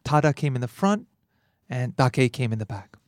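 Lively man teaching grammar. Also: medium pitch, normal speed, no echo, clean studio sound. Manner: lively, laughs often, acts out dialogue lines. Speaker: language teacher and host. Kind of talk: explaining grammar in a lesson podcast.

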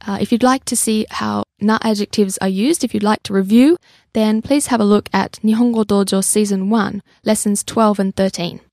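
A woman's voice: mid-range voice, fairly even intonation, moderate pace, creaky, darkish tone, dry recording, studio quality. A woman hosting a language lesson podcast, chatty and explaining things. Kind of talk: casual lesson talk.

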